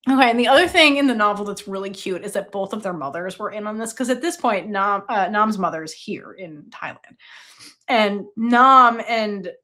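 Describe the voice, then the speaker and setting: A woman's voice: medium pitch, animated, normal speed, bright, forceful tone. A woman hosting a casual book review, retelling scenes with quoted dialogue, laughing often and swearing casually.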